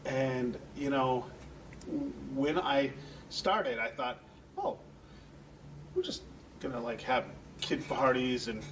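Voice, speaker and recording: Male guest, mid pitch, earnest rambling storyteller, a bit off-mic, faint room hum. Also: big pitch swings, takes it slowly, long pauses, far from the mic, low-quality recording. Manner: earnest, rambling storyteller who acts out quoted voices. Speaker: guest, entertainment center manager. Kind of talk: conversational storytelling interview.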